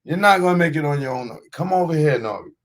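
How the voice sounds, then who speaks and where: A man's voice: a little high, expressive, very fast, pitched above the performer's own voice, close to an everyday voice. A man putting on the voice of a sly male record executive who coaxes and taunts a rapper in a sing-song way. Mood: coaxing.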